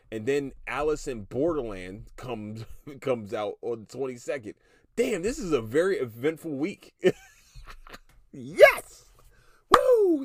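A man's voice: medium pitch, a little mellow, dry recording, clean studio sound. A man in his thirties hosting a solo podcast, ranting with heavy profanity and breaking into laughter. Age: 30s. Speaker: podcast host.

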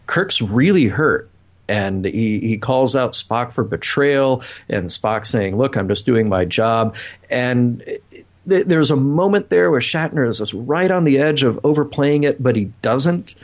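A man from Alabama co-hosting a podcast in casual discussion, thoughtful and easygoing, quick to laugh. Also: mid-range voice. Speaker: podcast co-host.

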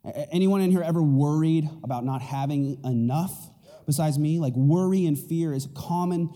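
A male pastor preaching a lively, joking sermon, often checking in with the crowd. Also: fairly high pitch, moderate pace, long reverb tail. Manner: animated and joking, asks the crowd "right?". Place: church auditorium.

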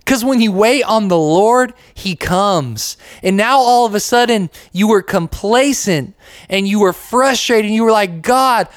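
A man's voice: high voice, a little slow, no room sound, clean studio sound. A young man from the United States talking casually as a Christian podcast host. He uses lots of "like" fillers and acts out little quotes as he goes. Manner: conversational, with many "like" fillers and acted-out quotes. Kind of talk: casual faith podcast talk.

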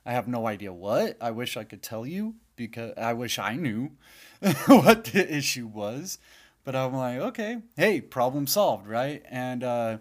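A man talks through a solo podcast in a loose, rambling way. He sounds sleepy and yawns between thoughts, and he swears freely as he chats. His pitch sits in a typical middle range for a man. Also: expressive, a little slow. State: sleepy, yawning. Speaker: podcast host. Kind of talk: casual solo podcast monologue.

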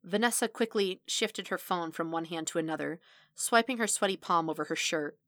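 Low-voiced woman narrating a story. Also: moderate pace, a bit bright, no room sound, clean studio sound. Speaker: podfic reader. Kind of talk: audiobook narration of fan fiction.

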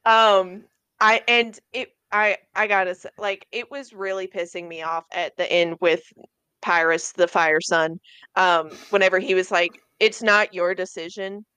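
A woman's voice: fairly low pitch, fairly even intonation, measured pace, pushed and bright, smooth, no echo. A young woman in a casual book chat, speaking earnestly and with emphasis. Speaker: podcast co-host.

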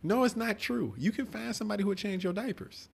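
A man's voice: high-pitched, fast talker, gravelly, slightly rough. A man co-hosting a podcast, talking bluntly and profanely and pushing back in casual banter. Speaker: podcast co-host. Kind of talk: casual chat.

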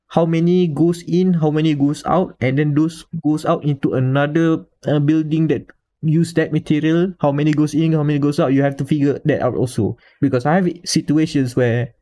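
A man's voice: fairly high pitch, fairly even intonation, brisk, warm tone. A man with a Malaysian English accent, co-hosting a casual podcast panel and talking at length with restarts and small chuckles. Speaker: podcast co-host.

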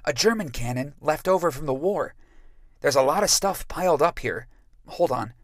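A man, lightly acting and pitched above his own voice, plays a cocky, reckless boy who sounds eager. The voice is on the high side with lively intonation and a moderate pace, in a dry, studio-quality recording.

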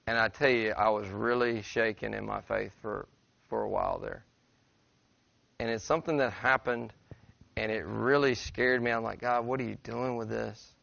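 A man's voice: fairly low pitch, vocal fry, fairly bright tone, no echo, muffled recording. A middle-aged pastor, a man, preaching a sermon in a folksy, conversational storytelling way to his church. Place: church sanctuary.

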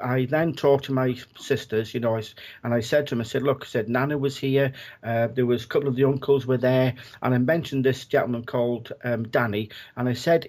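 A man, a medium, telling a personal story in a gentle, rambling way with many fillers and restarts. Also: mid-range voice.

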